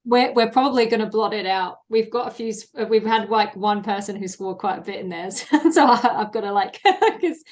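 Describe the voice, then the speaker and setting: A woman hosts the interview at a middle pitch, sounding friendly and a touch hesitant. She laughs easily as she explains things to her guest. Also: normal speed, few pauses.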